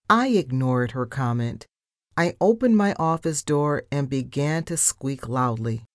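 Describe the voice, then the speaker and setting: A woman reading a children's storybook aloud with deliberate, expressive narration. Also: very deep voice, no echo, clean studio sound. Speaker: storybook reader. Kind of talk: children's book read-aloud.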